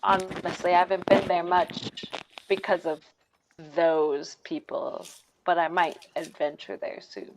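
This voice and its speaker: A charming, eccentric male storyteller in a tabletop game, played by a woman, spinning rambling tales with theatrical flair. His voice sits slightly low. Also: level tone, a little slow, noisy background. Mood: conspiratorial.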